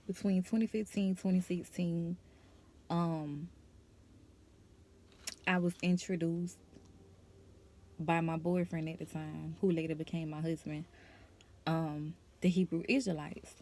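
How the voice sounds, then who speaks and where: A woman's voice: on the low side, steady tone, slow, long pauses, dark tone. A young woman vlogger speaking her personal testimony to camera, nervous and emotional, in a casual conversational way.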